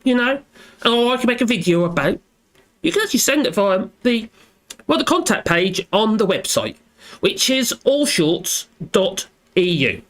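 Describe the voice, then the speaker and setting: A man's voice: high-pitched, big pitch swings, normal speed, fairly bright tone. A man hosting a casual live stream, chatting in a rambling way and tagging his lines with little repeated phrases.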